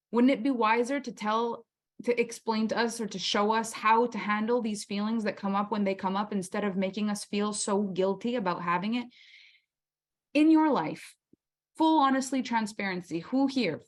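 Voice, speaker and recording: A woman with a mid-range voice hosts a masterclass, delivering a motivational workshop talk with real passion. She poses rhetorical questions and acts out inner voices.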